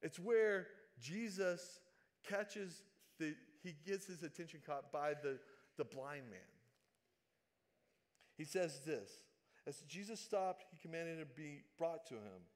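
A man delivers a sermon in a fairly high voice. He moves between loud, dramatic calls and quiet, hushed asides, retelling scripture with feeling. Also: takes it slowly. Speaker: preacher.

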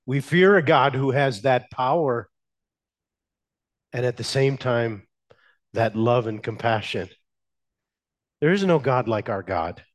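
A man preaching a sermon as a pastor, speaking in slow, measured phrases with emphatic pauses and asking the congregation questions. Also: mid-range voice, expressive.

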